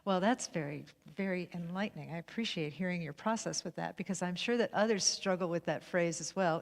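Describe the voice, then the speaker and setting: A woman's voice: on the low side, creaky. A woman hosts a spiritual livestream, musing aloud and laughing often. She keeps nodding along with her guest, and her voice rings with a long hall reverb. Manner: warm, laughs often, affirms a lot. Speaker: livestream host. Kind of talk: spiritual conversation.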